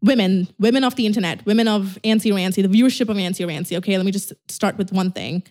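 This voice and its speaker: A woman's voice: mid-range voice, fast, a little mellow. A young woman whose first language is not English, hosting a casual solo podcast, blunt and swearing, acting out little dialogues. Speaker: podcast host.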